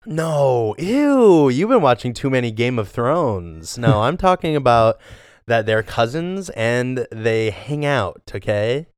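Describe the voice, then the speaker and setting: Podcast cohost guy, slow easy talk, smooth clear voice, sarcastic and giggly. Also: medium pitch, big pitch swings, no room sound, studio quality. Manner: teasing, laughs often, sarcastic. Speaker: podcast co-host. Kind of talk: casual chat.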